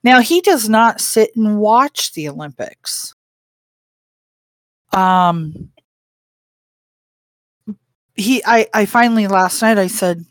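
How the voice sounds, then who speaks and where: Slow, hesitant woman chatting on a podcast. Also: mid-range voice, animated, dry recording, clean studio sound. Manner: rambling, hesitant, many fillers. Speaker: podcast co-host. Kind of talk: casual chat.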